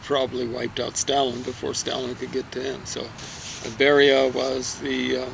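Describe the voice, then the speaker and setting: A man with a gravelly, creaky voice talks through a book review in a loose, rambling way, often tripping over names. He is recorded outdoors in a garden, with clear background noise and passing vehicles. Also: medium pitch, level tone, moderate pace, poor audio. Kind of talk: casual spoken book review.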